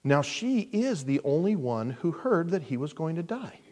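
A man preaching a sermon. He is animated, swings from loud emphasis to hushed asides, and acts out the people he quotes. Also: a little high, normal speed. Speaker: pastor.

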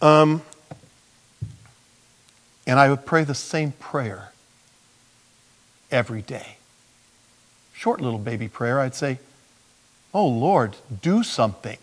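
A middle-aged man preaching a sermon in a conversational storytelling manner, laughing now and then and going soft and low when he voices prayers. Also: slow, pauses often. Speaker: pastor.

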